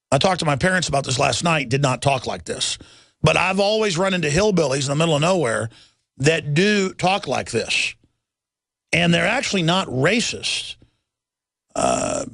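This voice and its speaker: Middle-aged male talk radio host, gravelly and dry, urgent and emphatic. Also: on the high side, fairly bright tone, no room sound. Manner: urgent, emphatic, reads headlines aloud. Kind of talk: impassioned talk radio monologue.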